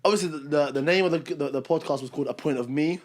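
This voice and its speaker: Young male co-host, rapid, rambling storyteller who acts out quotes. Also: on the high side. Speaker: podcast co-host. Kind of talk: casual chat.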